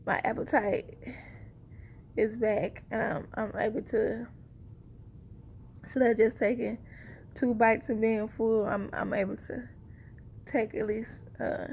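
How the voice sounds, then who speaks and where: Chatty woman with a gravelly edge. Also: a little high, fairly even intonation, takes it slowly, pauses often, a little mellow, slight background noise. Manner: chatty, rambling, addresses viewers directly. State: short of breath. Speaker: vlogger sharing a pregnancy update. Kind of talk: casual chat to camera.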